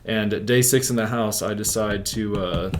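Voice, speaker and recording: A man's voice: on the low side, steady tone, measured pace, slight background noise. A young man telling a story as an interview guest, rambling, with filler "like" in nearly every sentence. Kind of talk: casual storytelling.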